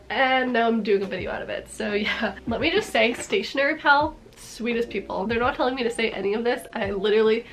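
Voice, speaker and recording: A young woman with a cold talking excitedly in a casual haul vlog, gushing over her purchases. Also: fairly high pitch, brisk, few pauses. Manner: bubbly and gushing, lots of "like" and "are you kidding me". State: congested with a cold. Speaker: vlogger.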